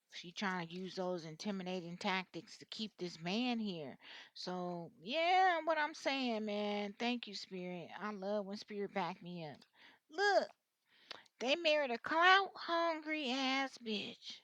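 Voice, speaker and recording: A woman reads tarot in a loose, rambling way, cussing freely and speaking bluntly. Her pitch sits mid-range for a woman. The sound is dry, with no room around it. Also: expressive, a little slow, fairly bright tone, no room sound. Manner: blunt, slangy and openly vulgar; rambling, with frequent restarts. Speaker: tarot reader. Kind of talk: casual tarot reading monologue.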